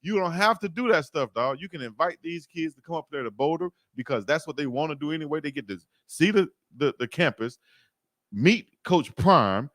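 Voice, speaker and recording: A man's voice: on the high side, animated, moderate pace, a bit bright, no echo, clean studio sound. A man hosting a heated sports debate, pressing his point in slangy talk and calling his co-host "dog". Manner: insistent, slangy, repeats "dog".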